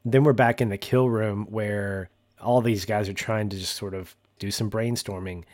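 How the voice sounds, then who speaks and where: A man hosting a podcast, recapping a TV episode in a relaxed, chatty way. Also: on the low side, normal speed. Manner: relaxed, laughs often, acts out quotes. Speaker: podcast host. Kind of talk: casual TV recap chat.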